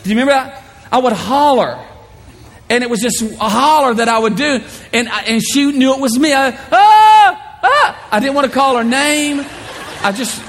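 Animated high-voiced preacher in a reverberant hall. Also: male voice, slight background noise. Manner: animated, playful storytelling with shouted impressions. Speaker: pastor. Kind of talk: sermon.

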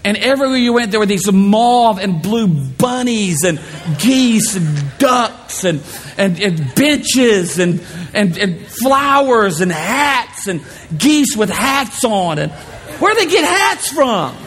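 A man preaching a sermon, telling playful stories and acting out shouted voices. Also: high-pitched, slow, few pauses, in a large hall. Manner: animated, playful storytelling with shouted impressions. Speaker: pastor.

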